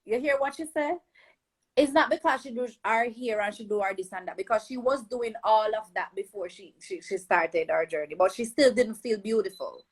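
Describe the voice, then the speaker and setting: A Jamaican woman with a fairly high voice hosts a casual chat. She is enthusiastic and exclaims and affirms often, speaking openly and warmly engaged with her guest. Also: normal speed, slightly rough, low-quality recording. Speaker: host.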